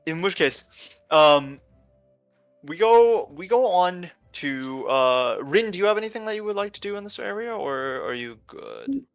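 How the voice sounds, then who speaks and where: A man narrating a tabletop game as game master, halting with many fillers and restarts. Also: high voice, big pitch swings, clear, resonant tone, dry recording, soft background music.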